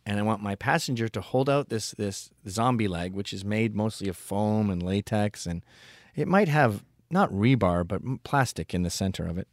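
Male host, low-pitched, profane ranting storyteller, dry close mic. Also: moderate pace, no room sound. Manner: ranting, profane, deadpan asides. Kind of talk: comedic storytelling monologue.

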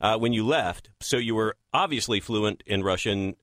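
A man's voice: lowish voice, moderate pace, a bit bright, no echo, clean studio sound. Chatty Texas-raised male host. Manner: rambling, restarts, chuckles. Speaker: podcast host. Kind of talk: casual interview chat.

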